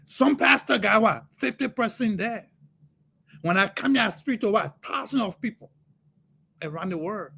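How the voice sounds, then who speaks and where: A man preaching on a livestream as a motivational speaker, fervent, repeating words and bursting into shouts. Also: sits high, expressive, normal speed, gravelly, husky.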